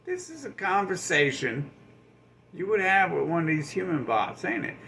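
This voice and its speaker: A man's voice: a little high, animated, normal speed, creaky, pushed and bright, a little hiss or hum. A man delivering a sarcastic, profane, rambling rant, mocking people by putting on their voices. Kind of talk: ranting monologue.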